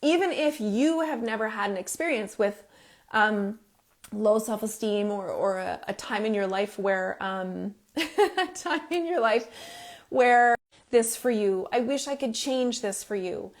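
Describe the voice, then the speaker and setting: A woman's voice: on the high side, measured pace. A middle-aged woman giving earnest, emphatic advice to parents, with fillers and restarts. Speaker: parenting coach.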